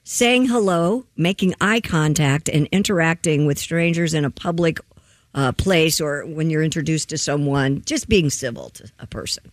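A man co-hosting a casual talk show, chatty and quick to chime in. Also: a little high, no room sound. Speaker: co-host. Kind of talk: casual chat.

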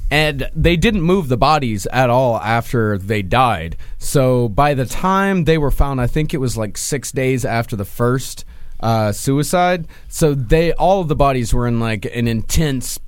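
A man co-hosting a comedy podcast, recounting details in a laid-back, halting way. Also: medium pitch, lively intonation, no room sound, clean studio sound. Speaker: podcast co-host. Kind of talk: casual comedy podcast chat.

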